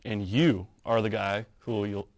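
A young man, a college baseball player, reading a children's rhyming book aloud in a bright, upbeat way. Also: fairly low pitch, fairly even intonation, a little slow, no echo, clean studio sound.

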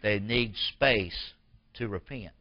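A male pastor preaching a sermon, emphatic, swelling louder and higher as he presses his points and asks the congregation questions. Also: slow, highs cut off.

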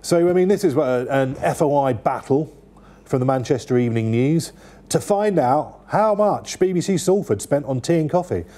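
Man, mellow chatty voice. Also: a little high, expressive, normal speed. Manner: rambling, many fillers and restarts. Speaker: newspaper review guest. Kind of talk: casual chat.

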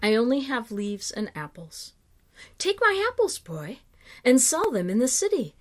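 A woman reading the lines of a gentle, loving old female apple tree, soft and tender, sometimes close to a whisper. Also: on the high side, huge pitch swings, a little slow, full character voice.

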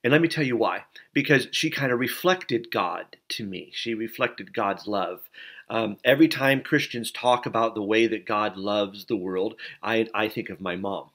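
Man preaching in a relaxed storytelling way. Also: fairly low pitch, moderate pace. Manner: informal, storytelling, many fillers. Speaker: pastor. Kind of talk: conversational sermon.

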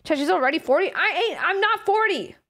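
A woman's voice: very high-pitched, expressive, a little fast, fairly bright tone. A woman in her thirties chatting casually with her stream, giggling often and swearing freely. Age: 30s. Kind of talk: casual live-stream chat.

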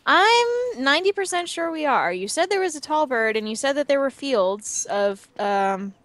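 A young woman in casual gaming chat, talking with a fairly high voice that swoops up and down a lot. She sounds confident and playful, teasing her co-op partner and laughing easily. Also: lively intonation, moderate pace, a bit bright, dry recording. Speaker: co-op gameplay partner and guide.

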